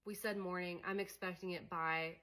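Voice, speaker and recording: A woman's voice: on the low side, fairly even intonation, normal speed, pushed and bright. A young adult woman coaching on emotions in a candid, conversational way, with many fillers. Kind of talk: casual teaching monologue.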